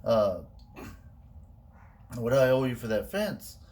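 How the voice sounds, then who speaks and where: A man's voice: medium pitch, big pitch swings, slow, darkish tone. A man voicing a friendly, generous older male rancher who talks earnestly and keeps saying "man".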